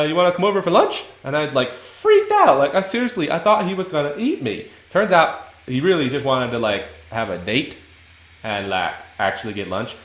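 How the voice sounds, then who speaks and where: A man voicing an excitable male critter who tells his story in an excited rush. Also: a little high, reverberant.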